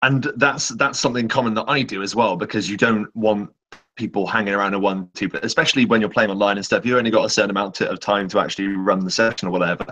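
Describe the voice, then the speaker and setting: A man co-hosting a casual live-stream chat, talking in a rambling, halting way with many restarts. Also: on the low side, steady tone, a bit bright. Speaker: co-host. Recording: voice cutting out over an online call.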